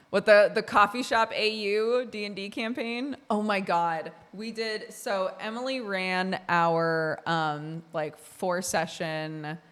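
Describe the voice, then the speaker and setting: A woman's voice: medium pitch, a bit bright, clear, resonant tone. Chatty, rambling woman streamer. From Oregon. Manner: chatty, rambling, laughs often, lots of fillers. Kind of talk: casual chat with chat.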